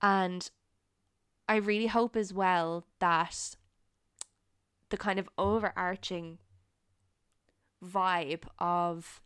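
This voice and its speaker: Slow, earnest woman podcaster. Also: on the low side, fairly bright tone, smooth, no echo, clean studio sound. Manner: earnest, encouraging, speaks slowly with pauses. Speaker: podcast host. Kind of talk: solo podcast monologue. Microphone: studio microphone.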